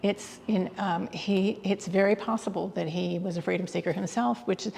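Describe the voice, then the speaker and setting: A woman's voice: medium pitch, fairly even intonation, normal speed, creaky, a little mellow, a little hiss or hum. A woman curator talking in an interview, enthusiastic and hesitant, with many fillers and restarts. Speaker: guest curator. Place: exhibit hall. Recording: long hall reverb.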